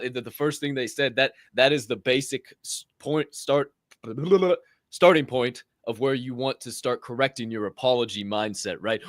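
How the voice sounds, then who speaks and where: Animated, cursing podcast host, dry sound. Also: male voice, mid-range voice, moderate pace, no echo. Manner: animated, profane, emphatic storyteller. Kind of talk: casual podcast chat.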